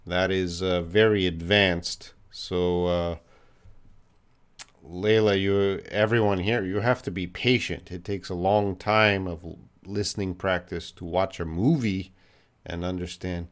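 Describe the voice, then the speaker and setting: A man's voice: deep voice, steady tone, smooth. Patient Canadian male English teacher. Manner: patient, explains slowly with examples and fillers. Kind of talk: live-stream English lesson, answering questions.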